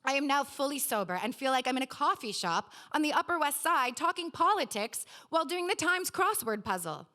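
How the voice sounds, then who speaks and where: A woman reading her own personal essay aloud at a live literary event, wry and lively, with quick asides. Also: sits high.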